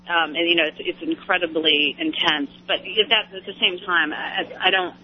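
A woman speaking as a political commentator guest on a radio talk show, rapid and full of fillers and restarts, heard over a phone line. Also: lowish voice, steady tone, a little hiss or hum.

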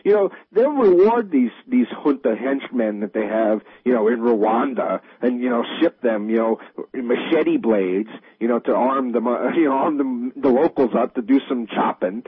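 An indignant man rants through a political chat, his voice swooping up and down as he piles on fillers. The tone is husky and dry. It sounds thin and tinny, like a phone line on the radio. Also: mid-range voice, dry recording. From Wisconsin. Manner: ranting, frequent fillers. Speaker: host.

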